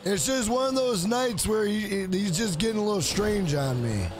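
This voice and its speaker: High-voiced male streamer chatting to his viewers. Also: animated, moderate pace, background noise. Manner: talks straight to chat, repeats "bro" often. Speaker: live streamer. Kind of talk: casual live-stream chat.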